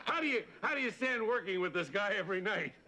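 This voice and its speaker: A chummy commercial actor. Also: male voice, high voice, expressive, fast talker, noisy background. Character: friendly male commercial actor guest. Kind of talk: 1980s sitcom acting.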